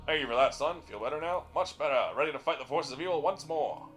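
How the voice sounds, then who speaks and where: Man putting on a loud, gruff old fellow, folksy growl, says son a lot, for a game. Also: a little high, fast, faint music behind, pitched above the performer's own voice, natural voice. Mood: hearty. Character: gruff wounded older man, calls everyone son. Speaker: streamer voicing game dialogue.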